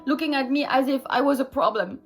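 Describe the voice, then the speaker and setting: A young woman speaks candidly and emphatically to camera, swearing freely. Her voice is high. Faint music plays underneath. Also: fast, creaky. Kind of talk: personal vlog confession.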